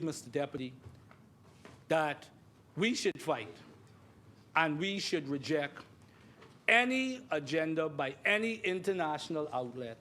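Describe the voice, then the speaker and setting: A man's voice: on the high side, fairly bright tone, slight background noise. A Bahamian man with a Bahamian accent giving an emphatic parliamentary debate speech, repeating phrases and often addressing the chair. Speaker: member of parliament. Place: parliament chamber.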